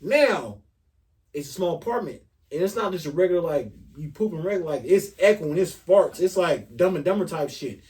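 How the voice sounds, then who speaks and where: Man, animated storyteller, profane and casual, higher voice, set back from the mic. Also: brisk. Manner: animated, profane, acts out the dialogue. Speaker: podcast host telling a story. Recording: voice a bit far from the mic.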